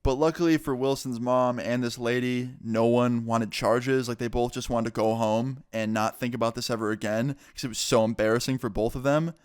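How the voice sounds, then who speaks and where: A young man recounts a wild story in a loose, profane, animated way. His voice is smooth and clear, recorded very dry and close. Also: mid-range voice, normal speed, hardly any pauses, no room sound. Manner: casual, swearing, animated storytelling. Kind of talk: storytime vlog.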